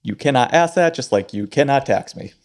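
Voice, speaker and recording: A man voicing a grandiose, pompous priest who makes loud, self-important proclamations. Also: mid-range voice, animated, fairly quick, natural voice.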